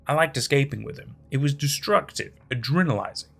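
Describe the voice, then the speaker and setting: A man narrating a horror story in a dramatic, expressive reading. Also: mid-range voice, brisk, gravelly. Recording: faint background music.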